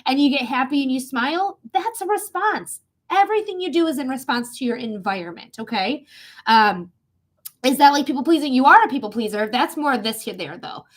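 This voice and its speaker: A woman's voice: sits high, lively intonation, a little fast. A young woman giving a live psychic reading, talking casually and bluntly to the viewer and swearing freely. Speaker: psychic reader.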